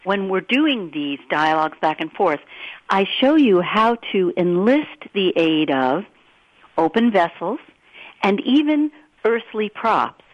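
Brief: woman guest on a radio show, earnest animated storyteller, mid-pitched voice, slightly muffled radio sound. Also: slow. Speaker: guest author.

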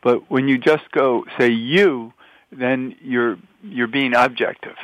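A man hosts an easygoing interview, agreeing often and restating his guest's ideas in his own words. His voice sits at an everyday middle pitch, recorded dry with no echo. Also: fairly even intonation, slow pace, a bit bright, muffled recording. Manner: affirming, summarizes the guest's points. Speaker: host. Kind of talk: conversational interview.

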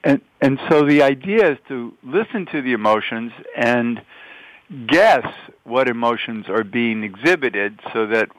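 A man hosts an easygoing interview, agreeing often and restating his guest's ideas in his own words. His voice sits at an everyday middle pitch, recorded dry with no echo. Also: lively intonation, a little slow. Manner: affirming, summarizes the guest's points. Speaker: host. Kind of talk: conversational interview.

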